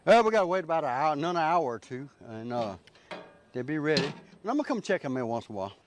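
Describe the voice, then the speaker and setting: A man's voice: fairly high pitch, very animated, fast talker, noisy background. A man talking viewers through his cooking outdoors in a casual, folksy way. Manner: folksy, chatty, talks to viewers as "y'all". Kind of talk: casual cooking video narration.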